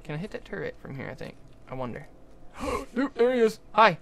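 A young adult livestreamer giving jokey, excitable commentary while playing, often talking to the game's characters. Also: mid-range voice, brisk, vocal fry, a little hiss or hum. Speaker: gaming livestreamer. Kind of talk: live gameplay commentary.

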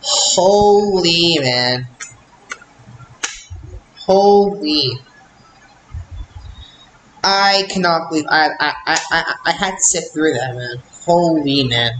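A man's voice: fairly high pitch, slow, long pauses, fairly bright tone, slight background noise. A young man hosting a reaction channel, ranting bluntly and repeating himself in exasperation. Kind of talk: casual reaction rant. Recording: echoey room with faint ambience.

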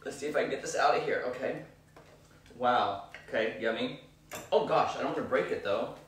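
Far from the mic in a reverberant home kitchen, a man cooks on a live stream, chatting in a bubbly, gushing way. He's a home cooking vlogger with a mid-range, slightly bright voice and a brisk pace.

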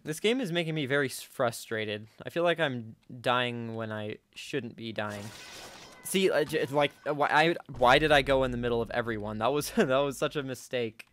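A man giving casual gameplay commentary, talking to himself and breaking into sudden high-pitched outbursts at a desk microphone. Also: moderate pace, fairly bright tone. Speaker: gaming channel host.

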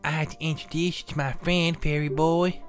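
A man's voice: a little high, fairly even intonation, moderate pace, faint music behind, pitched above the performer's own voice, lightly acted. Man putting on a sweet Southern farm girl. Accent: put-on American Southern. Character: cheerful young farm girl.

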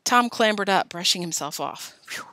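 A woman reading a children's chapter book aloud in a lively way, giving each character a voice. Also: on the low side, normal speed, no room sound, studio quality. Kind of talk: storybook read-aloud.

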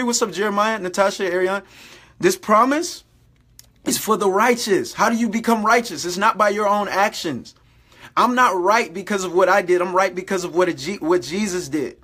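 Man, higher voice, casual preacher, repetitive exhorting delivery, talks straight to viewers. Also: a bit bright, husky. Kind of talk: informal livestream sermon.

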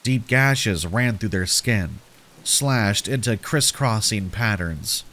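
A man narrates a gruesome horror tale in a slow, deliberate way. His pitch rises and falls freely as he builds tension. Steady rain patters in the background.

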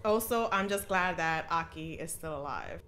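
A woman hosting an anime reaction video, talking to herself with excitable, emotional outbursts. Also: sits low, normal speed. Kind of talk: live reaction commentary.

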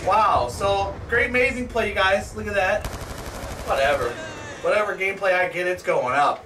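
A man hosting live gameplay commentary, excitable, swearing and yelling at opponents. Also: high-pitched, normal speed. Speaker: gaming channel host. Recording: distant mic, noisy background.

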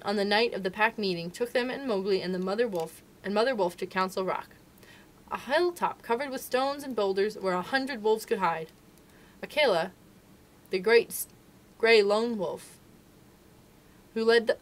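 A woman's voice: mid-range voice, rough recording. A woman at a library reading a classic animal story aloud, narrating evenly between the voiced quotes.

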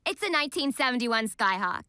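Raven, a deadpan teen sorceress girl. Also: fairly high pitch, fairly quick, smooth, no room sound. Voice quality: dry, deadpan. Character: gloomy teen girl sorceress, dry and sullen. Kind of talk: TV cartoon voice acting. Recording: music playing behind.

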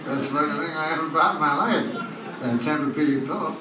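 A man's voice: on the high side, quick pace. A man doing a rambling, crude stand-up set with meandering asides, taped from the audience in a comedy club. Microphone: audience bootleg recording from far off. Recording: far-off echoey club bootleg with loud crowd. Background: loud audience laughter and noise.

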